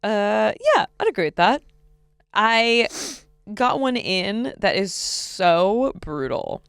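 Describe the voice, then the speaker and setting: Lively, playful woman. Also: medium pitch, gravelly, smooth, no echo, clean studio sound, soft background music. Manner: playful, bouncy, quick to joke and laugh. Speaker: comedian and podcast co-host. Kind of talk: casual comedic chat.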